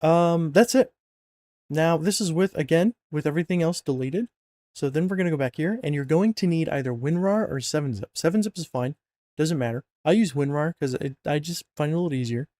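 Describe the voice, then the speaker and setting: Walking through a mod install on a screen recording, this tutorial narrator sounds tired, yawning as he goes. His voice is on the high side, darkish, expressive and fairly quick, with no room sound, and he rambles, jokes, uses plenty of fillers and keeps correcting himself.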